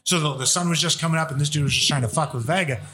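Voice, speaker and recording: Profane, rambling wrestler telling road stories. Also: male voice, a little high, racing, sharp tone. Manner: profane, rambling, laid-back storyteller. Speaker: guest, professional wrestler. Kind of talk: casual podcast storytelling.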